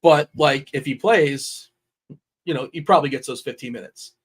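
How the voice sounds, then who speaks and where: A man's voice: medium pitch, moderate pace, slightly rough. A man hosting a fantasy sports livestream, talking casually and with animation, rambling and laughing often. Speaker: DFS show host.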